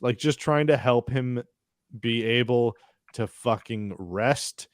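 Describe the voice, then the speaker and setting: A man co-hosting a casual podcast chat, reviewing a TV episode, talking in an animated way, swearing and acting out scenes in quoted voices. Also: medium pitch, slow pace, no echo, clean studio sound. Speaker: podcast co-host.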